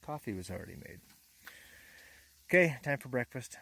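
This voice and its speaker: Groggy just after waking, a motocamping vlogger films a casual camp vlog inside a hot tent with a wood stove, rambling and halting with many fillers. His mid-range voice swings widely in pitch, with vocal fry and a pushed, bright tone on a rough recording.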